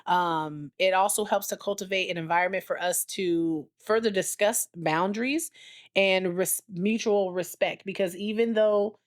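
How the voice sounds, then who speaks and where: A woman in her thirties co-hosting a podcast, telling stories in a casual, animated way and acting out dialogue. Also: medium pitch, moderate pace. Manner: animated storyteller, acts out dialogue with her daughter. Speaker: podcast co-host. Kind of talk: casual chat.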